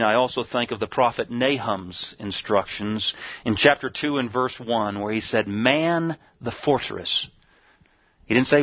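A man's voice: mid-range voice, husky, no echo. Emphatic preacher man, dull dry recording. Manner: slow emphatic scripture quoting, some restarts. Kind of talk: sermon with scripture reading.

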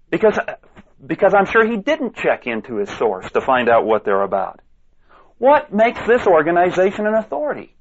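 A man speaking alone who reads passages aloud and answers them with emphatic rhetorical questions, often stumbling and restarting. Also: fairly high pitch. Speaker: ministry speaker. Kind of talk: monologue rebuttal reading quotes aloud. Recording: dull lo-fi recording.

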